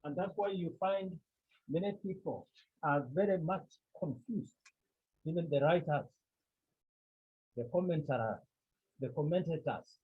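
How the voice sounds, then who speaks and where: A man with a Cameroonian accent teaching a Greek class, speaking slowly and deliberately, often checking with his students. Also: a little high, breathy edge. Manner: slow, deliberate, repeats key points and checks with "Okay?". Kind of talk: classroom lecture. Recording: tinny phone-like line.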